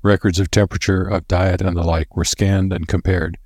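Man, narrator, audiobook, steady storytelling, low voice, dry close mic. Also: moderate pace, breathy edge, dry recording. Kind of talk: scripted narration.

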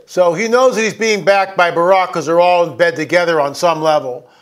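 A man's voice: high-pitched, fairly quick. A man giving an indignant, emphatic political commentary over video clips.

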